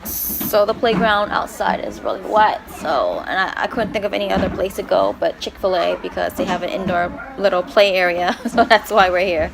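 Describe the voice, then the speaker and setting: A woman's voice: medium pitch, normal speed, creaky, hardly any pauses, background noise. A young woman and mother talking casually to her camera while out shopping, chatty and rambling, with frequent laughs. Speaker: vlogger, mother. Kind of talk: casual vlog talk to camera. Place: stores and home, in and out of doors.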